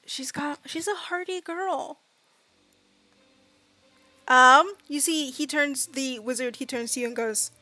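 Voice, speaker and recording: A woman's voice: sits high, slow, pauses often, pushed and bright, dry recording. A woman running a tabletop game as game master, chatty and full of fillers as she narrates.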